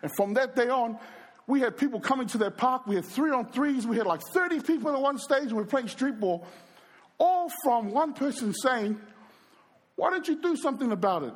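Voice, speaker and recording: A male preacher telling stories during a sermon, animated and speaking straight to the crowd. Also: very high voice, normal speed. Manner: animated storyteller who acts out quoted voices and addresses the crowd. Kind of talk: storytelling sermon.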